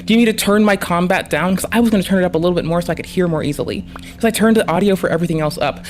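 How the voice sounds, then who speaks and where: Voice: mid-range voice, rapid-fire, faint music behind. A streamer doing reaction commentary on a livestream, talking in a heated, sarcastic way with lots of swearing and sounding annoyed. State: annoyed and frustrated.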